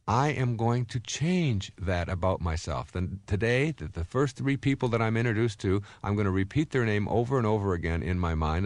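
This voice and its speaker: A man in his fifties giving a recorded self-help lecture, telling stories in an animated way and acting out the voices he quotes. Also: on the low side, no echo. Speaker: motivational speaker.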